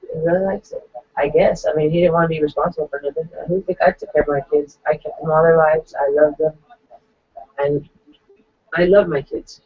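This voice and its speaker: A woman in her forties, crying as she gives a halting, emotional confessional monologue to camera. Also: low voice, steady tone, breathy edge, dry recording. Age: 40s. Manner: halting, emotional, many restarts. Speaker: vlogger. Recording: dull lo-fi home recording.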